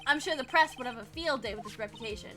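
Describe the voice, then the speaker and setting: A woman's voice: fairly high pitch, fast talker, bright, forceful tone, faint music behind. A woman reading a grudging young female witness.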